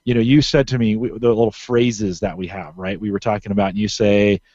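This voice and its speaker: A man's voice: fairly low pitch, steady tone, fairly quick, darkish tone, dry recording, lo-fi sound. A man co-hosting a podcast, talking casually in a rambling, emphatic way and often restarting sentences. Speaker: podcast co-host.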